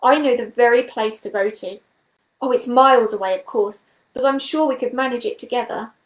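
A woman reading a storybook aloud, voicing an excitable, fretful male toad in a raised, shaky voice. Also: fairly high pitch, fairly quick, reverberant, natural voice. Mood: excited.

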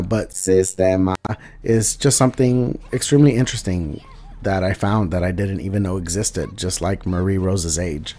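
A man giving joking, profane commentary over a fighting game, dropping into mumbled asides and rising into loud outbursts. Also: deep voice, moderate pace, faint music behind. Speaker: gaming video host. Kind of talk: casual gameplay commentary.

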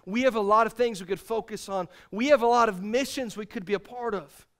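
A man's voice: high voice, brisk, fairly bright tone. A man preaching a sermon as pastor, earnest and repetitive, leading the congregation in a spoken refrain. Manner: earnest, repeats phrases, leads the congregation in a refrain.

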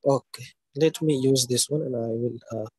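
A man's voice: medium pitch, fairly even intonation, moderate pace, warm tone, husky, dry recording, rough recording. A man giving a live online literature lecture, checking in often with "okay" and "isn't that".

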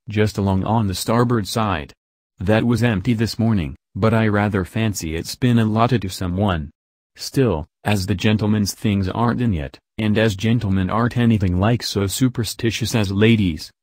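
A man's voice: lowish voice, moderate pace, darkish tone, no echo, clean studio sound, close to an everyday voice. A man voicing a polite, obliging male ship steward who speaks deferentially in an audiobook. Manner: deferential, calls her miss.

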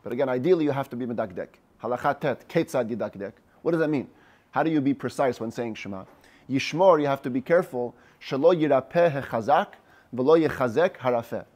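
A man, a rabbi, giving a text study class, reading Hebrew phrases slowly and explaining each one in English. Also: mid-range voice, darkish tone.

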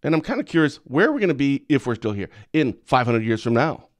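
A man's voice: medium pitch, big pitch swings, fast talker, no echo. Hesitant male interview host, dry sound. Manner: hesitant, thinks aloud with restarts and hedges. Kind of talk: casual interview questions.

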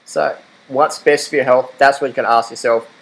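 A man's voice: mid-range voice, steady tone, moderate pace, gravelly, a bit bright, husky, rough recording. A young Australian man in a casual vlog, rambling and laughing as he talks to his dog and argues his point. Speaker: vlogger. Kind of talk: casual rant to camera.

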